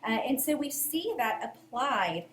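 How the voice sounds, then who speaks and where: A woman's voice: fairly high pitch, sing-song, measured pace. A woman with a Southern US accent, co-hosting a history podcast lesson in a chatty way with fillers. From American South. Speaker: history teacher, podcast co-host. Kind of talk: educational podcast discussion. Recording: echoey room, faint hiss.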